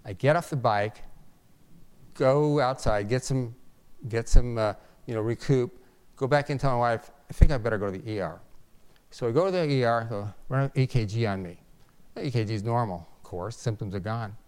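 A man in his sixties, a physician, tells his own story in an earnest, halting way, often restarting his sentences. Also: medium pitch, a little mellow, clear, resonant tone. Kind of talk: personal testimony, storytelling.

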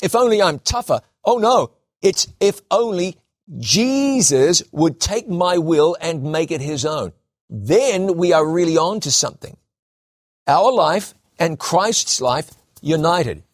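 A man preaching with an emphatic delivery and a fairly high voice. He slows down and repeats key phrases to drive them home. The sound is dry and close. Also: very animated, no room sound. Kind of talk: sermon.

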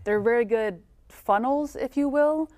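A woman co-hosting a casual religious discussion, thoughtful and quick to agree. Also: fairly high pitch, a little mellow.

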